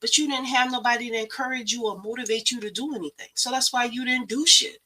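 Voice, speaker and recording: Blunt, bright-voiced woman lecturing listeners. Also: medium pitch, low-quality recording. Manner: blunt, profane, emphatic. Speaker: podcast host. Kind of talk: preachy motivational talk.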